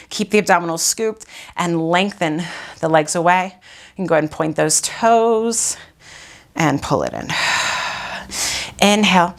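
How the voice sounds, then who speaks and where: Breathless woman leading a pilates class. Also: fairly low pitch. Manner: breathy, sighing while exercising along. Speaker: pilates instructor. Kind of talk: guided workout instruction.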